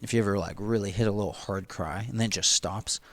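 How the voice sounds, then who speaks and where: Brief: male book vlogger, lowish voice, loose rambling slangy delivery. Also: fast. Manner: slangy, rambling, lots of "like" and "dude". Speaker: book reader and commentator. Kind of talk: casual book read-through commentary.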